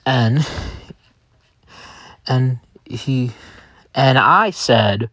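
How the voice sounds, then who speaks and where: A man's voice: mid-range voice, fairly bright tone, no echo. A man casually narrating a made-up story in a rambling way. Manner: rambling, unhurried.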